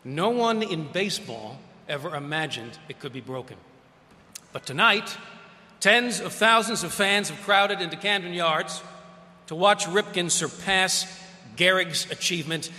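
A man speaks as guest speaker at a public lecture, telling stories and slipping in quick asides. His voice is bright and a little high, with long reverb from a large hall. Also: expressive.

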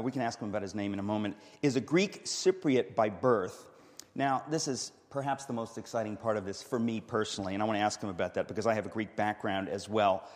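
Host: wry man, reverberant hall. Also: mid-range voice. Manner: wry, joking, self-deprecating. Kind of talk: live on-stage interview. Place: large hall with a live audience. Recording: reverberant hall, audience faintly heard.

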